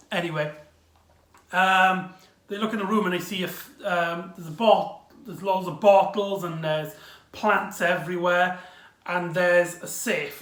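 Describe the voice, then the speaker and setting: A man giving a casual, rambling recap review of a TV episode, excitable and full of exclamations. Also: sits high. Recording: echoey room.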